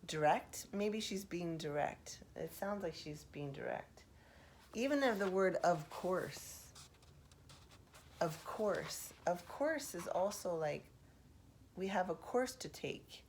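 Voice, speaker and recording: Slow, low-voiced soft-spoken woman. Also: expressive, a little hiss or hum. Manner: reflective, thinking aloud with pauses. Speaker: host. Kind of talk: soft-spoken ASMR poetry analysis.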